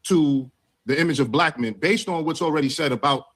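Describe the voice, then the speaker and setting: A man on a discussion panel, asking measured but pressing questions. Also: a little high, a bit bright.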